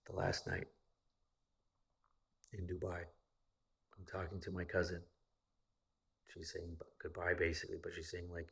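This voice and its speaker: A man with a low, husky voice tells a personal story in a loose, rambling vlog monologue. His tone is forceful and bright-edged, and he swears freely as he talks. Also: monotone, normal speed, pauses often. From United States. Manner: profane and rambling, with frequent fillers. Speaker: vlogger.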